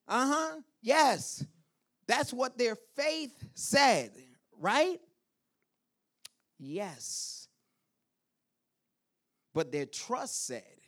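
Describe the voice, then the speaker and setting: A pastor preaching a chapel sermon, calling out to the congregation and dropping into quiet whispered asides. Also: male voice, very high-pitched, slow, pauses often. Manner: animated preaching with call-and-response "Amen?".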